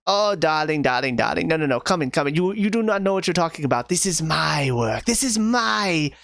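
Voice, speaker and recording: A man's voice: on the high side, lively intonation, fairly quick, gravelly, fairly bright tone, dry recording, clean studio sound. A man putting on the voice of a bossy, flamboyant female fashion designer who talks theatrically and dismissively, repeating her words. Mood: imperious.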